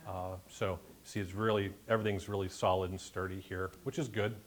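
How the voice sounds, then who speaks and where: A low-pitched man with little pitch movement speaks a little fast. He's the guest presenter at a bird club meeting, giving a live audience in a meeting room a chatty, joking slide-show talk about a birding trip, with jokey asides.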